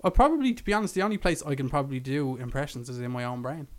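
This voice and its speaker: A man's voice: mid-range voice, big pitch swings. Chatty young man hosting a podcast. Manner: chatty, quick to joke, leads the questions. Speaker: podcast host. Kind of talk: casual chat.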